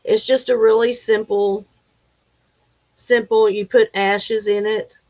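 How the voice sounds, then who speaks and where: A woman hosting a casual livestream chat, talking in an emotional, halting way as she fights back tears. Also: medium pitch, flat delivery, darkish tone. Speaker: livestream host. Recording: dull lo-fi livestream audio.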